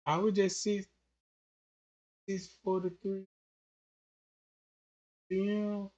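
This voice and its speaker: A young man livestreaming, telling stories in a casual, slangy, animated way. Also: sits high, drawn-out words, muffled recording.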